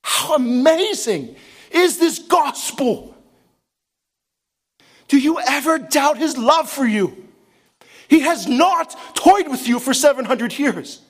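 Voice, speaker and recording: Impassioned high-voiced male preacher. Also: expressive, slow, pauses often. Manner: preaches with rhetorical questions, impassioned. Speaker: pastor. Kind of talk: sermon.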